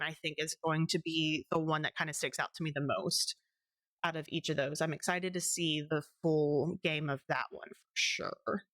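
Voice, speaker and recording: Chatty woman streamer, low dry voice. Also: a bit bright, dry recording. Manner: rambling and chatty, with frequent ums and giggles. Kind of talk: casual stream wrap-up chat.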